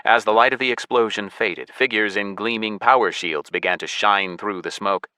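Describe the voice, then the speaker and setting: Male audiobook narrator, low forceful voice, dry close studio sound, measured first-person reading. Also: clear, resonant tone, dry recording.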